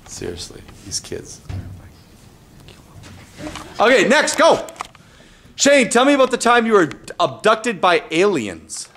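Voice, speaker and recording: A man leading a kids' improv game, briskly calling out names and story prompts. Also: high-pitched, wildly swooping pitch, a bit bright, slight background noise. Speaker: improv class leader.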